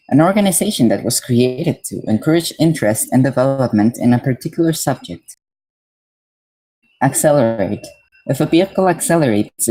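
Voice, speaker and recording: A man's voice: mid-range voice, dark tone, poor audio. A man from Mexico streaming live, reading dictionary definitions aloud and breaking off to chat casually with his viewers.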